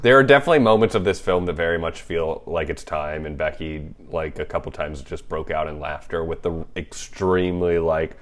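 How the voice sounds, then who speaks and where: Young male co-host, very deep voice, animated and jokey. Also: fairly quick, few pauses. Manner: animated, jokey, laughs often. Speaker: podcast co-host. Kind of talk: casual movie chat.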